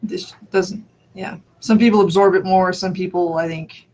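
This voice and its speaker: A man from New Mexico with a notably high speaking voice. He chats casually and rambles, thinking aloud, restarting sentences and breaking into short laughs. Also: steady tone, moderate pace, darkish tone. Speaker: conversation partner. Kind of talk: casual chat.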